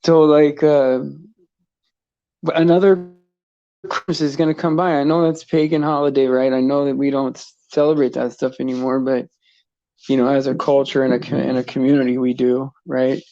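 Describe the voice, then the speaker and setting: A man's voice: medium pitch, little pitch movement, moderate pace, mellow, no room sound. A man from the United States rambling in casual livestream chat, full of fillers and restarts and chuckling often. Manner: chuckles often while talking. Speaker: livestream host. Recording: dull lo-fi sound.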